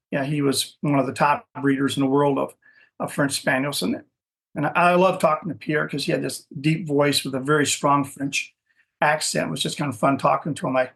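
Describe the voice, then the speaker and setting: A man's voice: fairly high pitch, gravelly, fairly bright tone. A middle-aged man, a dog breeder, telling his story as a podcast guest in a rambling way, often restarting sentences and adding "you know". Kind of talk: casual interview storytelling.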